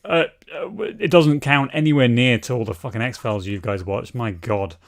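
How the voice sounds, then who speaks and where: A man co-hosting a podcast in casual, animated chat, swearing and laughing as he talks. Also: mid-range voice, moderate pace. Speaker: podcast co-host.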